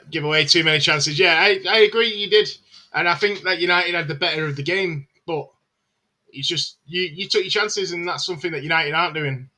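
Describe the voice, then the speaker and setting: A man with a very bright, forceful voice, pitched a little high, hosting a live match watchalong. He chats casually, calls the action and answers viewers' comments with plenty of filler words. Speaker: live-stream host.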